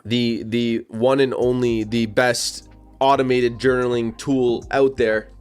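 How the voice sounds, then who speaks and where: Over soft background music, a man hosts a live trading stream, his mid-range voice slow, flat, clear and resonant. He gives casual commentary straight to his chat in slangy, repetitive phrasing, chatty throughout, with an occasional hiccup.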